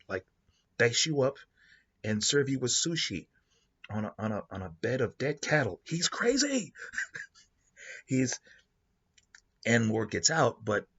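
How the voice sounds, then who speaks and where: A man hosting a show, talking through a story idea in a rambling, animated way. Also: medium pitch, breathy edge, lo-fi sound. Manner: rambling, animated, with many restarts. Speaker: host. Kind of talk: casual spoken storytelling.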